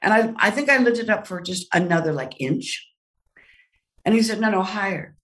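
An older woman as a podcast guest, telling an animated personal anecdote with laughs and quoted voices. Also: mid-range voice, moderate pace, distant mic. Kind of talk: storytelling in a podcast interview.

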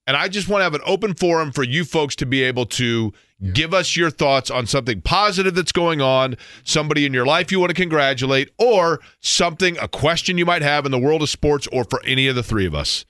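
A man, hosting a sports radio show and telling stories in a casual, animated way. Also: on the high side, a little fast, no echo, clean studio sound. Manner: storytelling, animated in quoted bits.

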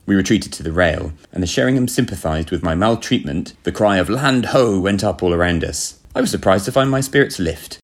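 A man's voice: low voice, lively intonation, fairly quick, few pauses. A man reading a story as a first-person diary, with a pompous, self-satisfied manner. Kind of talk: scripted first-person narration.

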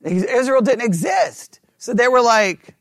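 A man leading a Bible study class, reading scripture aloud slowly and checking in with the group with frequent questions. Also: very high-pitched, expressive, gravelly, fairly bright tone, dry recording, studio quality.

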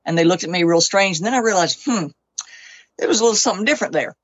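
Animated woman telling a personal story. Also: lowish voice, fast, slightly rough, no room sound. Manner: animated, acts out other people's lines; emotional, close to tears at times. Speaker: interview guest. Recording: dull, lo-fi dry recording.

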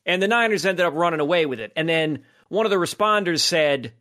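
A man's voice: fairly high pitch, lively intonation, brisk, bright, forceful tone. A man co-hosting a podcast, telling long rambling anecdotes with plenty of fillers. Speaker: podcast co-host. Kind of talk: casual sports chat, storytelling.

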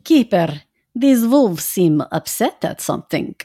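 A woman voicing a cold, insolent male stranger who speaks in a smooth, haughty way. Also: medium pitch, big pitch swings, unhurried, mellow, no echo, studio quality.

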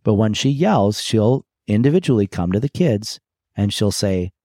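A middle-aged man with a fairly low, warm, mellow voice, co-hosting a casual podcast. He tells candid personal stories thoughtfully and often restarts his sentences. The sound is close and dry. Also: animated, moderate pace, no room sound. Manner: reflective, candid storytelling with frequent restarts. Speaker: podcast co-host. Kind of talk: casual conversational podcast chat.

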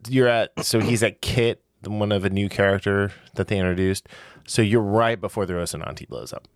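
A man's voice: on the low side, moderate pace, no echo, studio quality. A man hosting a podcast in casual chat, rambling and joking with frequent restarts. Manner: joking, rambling, self-interrupting. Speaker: podcast host.

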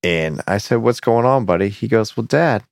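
A man's voice: on the low side, expressive, moderate pace, creaky, dry recording, studio quality. A man co-hosting a casual talk show, telling a story and laughing easily. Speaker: podcast co-host. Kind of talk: casual chat.

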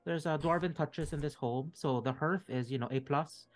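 A man's voice: fairly high pitch, moderate pace. A man, running a tabletop game as game master, rambling with many fillers.

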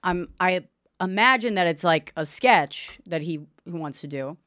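A woman's voice: fairly low pitch, animated, unhurried, a bit bright, no room sound, clean studio sound. A woman comedian and sketch writer in casual chat, telling a candid, reflective story.

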